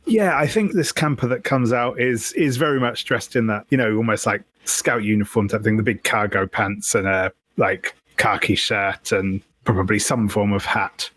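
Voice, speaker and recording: Low-voiced male player, quick and hedging, dry close mic. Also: a bit bright, slightly rough, no room sound. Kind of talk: tabletop game play.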